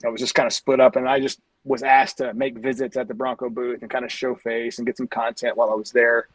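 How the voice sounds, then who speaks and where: A man's voice: mid-range voice, level tone, fast. A man speaking as a podcast guest in casual chat, rambling with plenty of fillers. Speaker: guest, brand ambassador. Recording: dry sound, a bit far from the mic.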